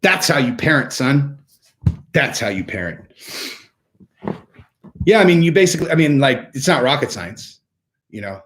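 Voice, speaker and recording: A man hosts a relaxed livestream in an everyday, mid-pitched voice. He rambles from thought to thought, leans on fillers like "like" and "I mean," and restarts his sentences often. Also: normal speed, pauses often, a little hiss or hum. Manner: rambling, filler-heavy talk with frequent "like" and restarts. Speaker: livestream host. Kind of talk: casual livestream chat.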